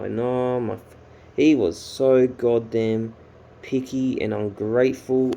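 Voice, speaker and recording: Man, dark mellow tone, casual ranting vlogger. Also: mid-range voice, steady tone, unhurried, lo-fi sound, a little hiss or hum. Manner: ranting, exasperated, sweary. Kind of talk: casual storytelling vlog.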